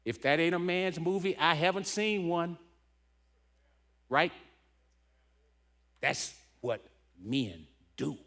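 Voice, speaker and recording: A man's voice: on the high side, lively intonation, takes it slowly, long pauses, a bit bright. A middle-aged man giving a heartfelt storytelling talk as a keynote speaker, punctuating points with "right?". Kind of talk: emotional storytelling talk to a men's gathering.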